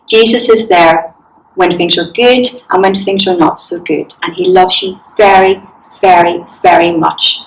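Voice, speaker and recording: Lady reading a bible story to little kids, gentle, mic a bit far off. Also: fairly low pitch, steady tone, a little slow, gravelly, reverberant. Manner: soft, coaxing, speaks to young children. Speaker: children's storyteller. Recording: distant mic.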